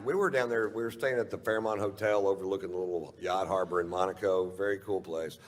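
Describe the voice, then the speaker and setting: On stage with a handheld mic, a male stand-up comedian spins a rambling, profane story in a laid-back way. His voice is low and steady, and he talks fast with few pauses. The hall is reverberant, with faint noise in the background.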